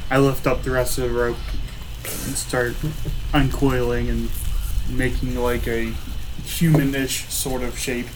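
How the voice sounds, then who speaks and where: A man taking part as a player in a tabletop game, describing his actions in a relaxed way. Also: medium pitch, unhurried, pauses often, noisy background.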